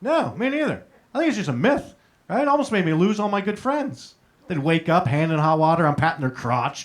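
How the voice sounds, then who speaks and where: A man's voice: a little high, animated, a little fast. A man doing a crude, conversational stand-up comedy set in a comedy showroom, talking straight to the crowd. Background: audience laughter.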